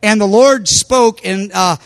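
Animated high-voiced male preacher. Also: measured pace, no room sound. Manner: animated storytelling, voice rising when quoting. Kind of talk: sermon testimony.

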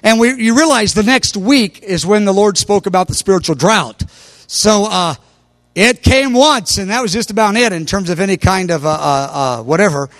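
A man's voice: high-pitched, moderate pace, a bit bright, dry recording. A man preaching, telling a story with animation and raising his voice when he quotes others. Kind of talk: sermon testimony.

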